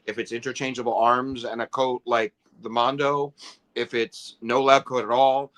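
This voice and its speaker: A man's voice: mid-range voice, level tone, normal speed, fairly bright tone. A man co-hosting a toy collecting livestream, giving detailed, opinionated breakdowns in casual chat.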